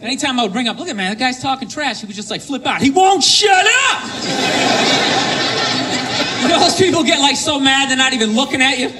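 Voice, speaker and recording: A male stand-up comedian doing an animated routine, shouting his punchlines in mocking bursts. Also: extremely high pitch, racing, hardly any pauses. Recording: live club set with crowd laughter and noise. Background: audience laughing.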